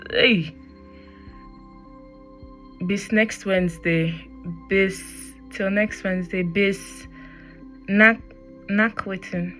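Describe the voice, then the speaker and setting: A woman with a Nigerian accent hosting a casual solo podcast, talking animatedly and slipping into pidgin. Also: mid-range voice. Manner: animated, switches into pidgin, laughs often. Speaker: podcast host. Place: Germany.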